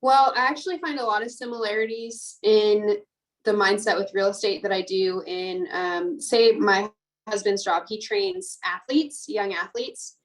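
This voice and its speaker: A woman's voice: medium pitch, animated, unhurried, poor audio. A young woman, a real estate agent, earnestly answering a coach's questions on a group call.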